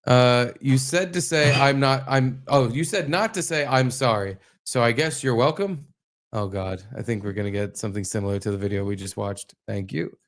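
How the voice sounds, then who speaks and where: Male podcast co-host, mid-pitch, crude joking banter while reacting to clips. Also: creaky. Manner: profane, joking, reacting to videos. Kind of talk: casual comedic banter.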